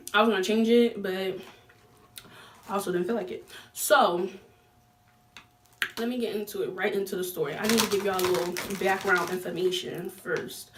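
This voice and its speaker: A young woman vlogger telling a story in casual chat, slangy and animated, with lots of fillers. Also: medium pitch, distant mic, slight background noise.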